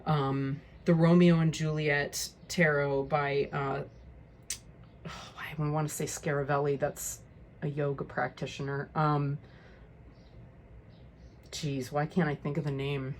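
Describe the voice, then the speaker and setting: A woman's voice: sits low, little pitch movement, slow, pauses often, a little hiss or hum. A woman talking casually through a tarot deck walkthrough, frank and easily exasperated, with many ums and restarts. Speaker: tarot video creator.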